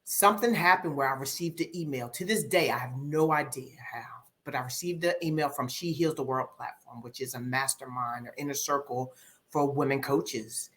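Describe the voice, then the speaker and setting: A middle-aged woman, a life coach guest on a podcast, telling her story candidly and reflectively, with many pauses and repeated phrases. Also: a bass voice.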